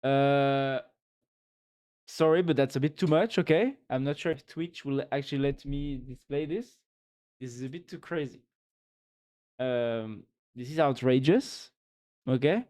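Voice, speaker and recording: A man's voice: mid-range voice, measured pace, pauses often, darkish tone. Young guy on stream reading memes off screen, laughy, swears a lot, desk mic at home. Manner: reads memes aloud and comments with laughs and swearing. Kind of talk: casual live-stream reaction chat.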